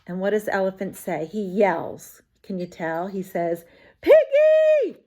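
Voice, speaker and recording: A woman teacher reading a picture book aloud to young children, speaking in an animated, talking-to-kids manner. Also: lowish voice, unhurried.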